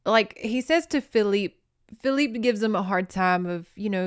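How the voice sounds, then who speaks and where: A woman's voice: medium pitch, moderate pace, smooth, dry recording, studio quality. A woman podcast host recapping a novel in a chatty, giggly, playful way. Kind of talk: casual chat, recapping a novel.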